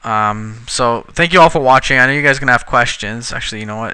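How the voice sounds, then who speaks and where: A man teaching a trading strategy over a screen recording, casual and increasingly frustrated, swearing at his slow computer. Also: mid-range voice, pushed and bright, clean tone, no echo. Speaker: trading instructor.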